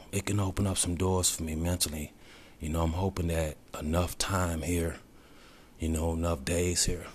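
A middle-aged man with a very deep, husky voice speaks earnestly and from the heart to his regular audience in a personal vlog. It's a confessional monologue where he often says "man" and drops to a near whisper.

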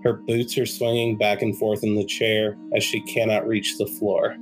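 A man narrating as game master in a tabletop game, relaxed and rambling with fillers. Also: fairly low pitch, moderate pace, over music, poor audio.

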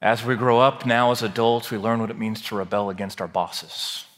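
A man pastor reading scripture dramatically and then preaching a sermon, slowing down for emphasis. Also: lowish voice, flat delivery, fairly bright tone. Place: large church sanctuary. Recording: long hall reverb.

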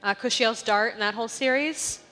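A woman's voice: on the high side, moderate pace, pushed and bright. A woman guest on a live podcast, chatty and enthusiastic. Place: large museum hall with live audience. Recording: live in a reverberant hall.

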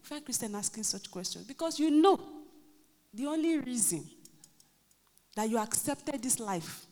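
A Nigerian woman pastor preaching a lively sermon, acting out quotes and joking with her congregation. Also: a little high, moderate pace. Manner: animated, acts out quotes, jokes with the congregation. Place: church hall. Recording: reverberant church hall.

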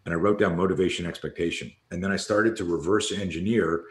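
A deep-voiced older man talks in a loose, rambling way, swearing now and then and slipping into the voices of people he quotes. His voice rings out in an echoey room. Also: fairly even intonation, fast talker. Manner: rambling storyteller who swears freely and acts out quotes. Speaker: podcast guest, fear coach. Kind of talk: casual conversation.

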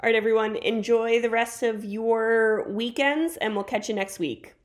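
A woman's voice: a little high, steady tone, moderate pace. A young adult woman co-hosting a casual podcast, playful and self-deprecating, laughing easily. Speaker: podcast co-host. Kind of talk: casual chat.

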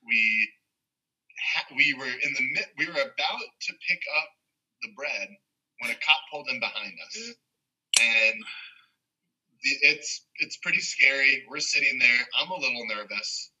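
A man's voice: medium pitch, expressive, unhurried, bright, forceful tone, husky. A young man telling a rambling story in casual chat on a podcast, laughing often. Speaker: podcast co-host. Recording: dull lo-fi sound.

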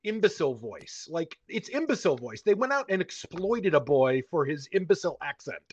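A man's voice: fairly high pitch, very animated, a little fast, muffled recording. A man co-hosting a casual podcast, ranting with heated, profane indignation. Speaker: podcast co-host.

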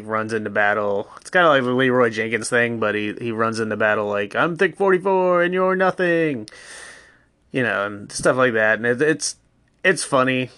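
A man in his thirties hosting a casual solo podcast at home, rambling and swearing through a deadpan mock ad with pets around him. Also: fairly low pitch, clean tone, no echo. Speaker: podcast host.

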